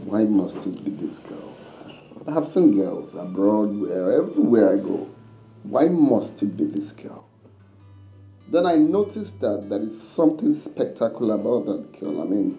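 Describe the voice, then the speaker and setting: A man's voice: on the low side, sing-song, unhurried, mellow. An actor playing a cocky young prince talking with his mother, with a dismissive, joking manner. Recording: muffled, roomy film audio.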